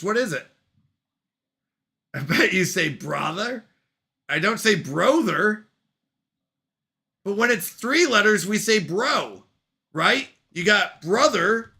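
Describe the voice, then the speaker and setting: Male streamer host, high and piercingly bright, playful, laughing banter with chat. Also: very animated, takes it slowly, pauses often. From Canada. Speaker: livestream host reading chat. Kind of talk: casual live-stream chat. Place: at home on a couch.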